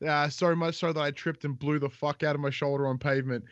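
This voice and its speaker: High-voiced man telling a story. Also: fast talker, dry recording, highs cut off. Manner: animated storyteller who swears and mimics bird cries. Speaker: podcast co-host. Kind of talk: casual live-stream podcast chat.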